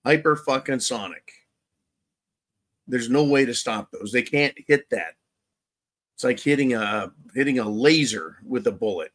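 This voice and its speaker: A man's voice: medium pitch, expressive, unhurried, pauses often, a bit bright. A man hosting his own channel, ranting angrily through political commentary, swearing heavily and repeating himself, with sarcastic asides. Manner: angry, heavily profane, repetitive. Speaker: channel host.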